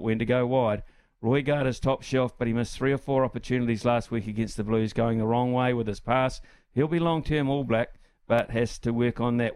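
A man's voice: mid-range voice, darkish tone, smooth, no room sound. A man hosting a sports radio show, talking casually and rambling with many fillers.

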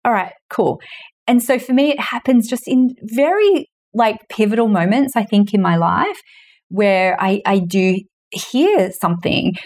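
A woman's voice: lively intonation, measured pace, darkish tone. A woman in her forties, a guest on a podcast, telling anecdotes casually and acting out the voices she quotes. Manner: storytelling, acting out quoted voices with big pitch jumps. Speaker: guest, money mentor and author.

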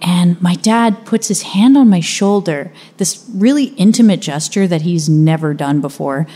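Lively young woman telling a story. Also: lowish voice, normal speed, slightly rough. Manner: conversational, vivid storytelling with playful asides. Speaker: speaker. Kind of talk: first-person storytelling talk.

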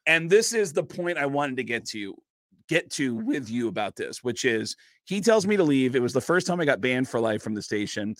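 A man guesting in a studio, telling a long story in an animated, casual way and swearing freely. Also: medium pitch, moderate pace, no echo. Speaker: comedian and impressionist guest.

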